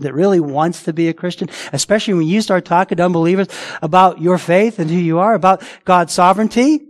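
A man preaching a sermon as a pastor, talking conversationally with rhetorical questions, restarts and acted-out voices. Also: high-pitched. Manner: frequent restarts and repeated words.

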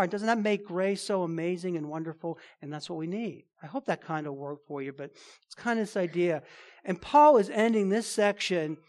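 Preaching an expository sermon, a man whose voice sits high speaks in an emphatic, conversational way and repeats phrases to drive points home.

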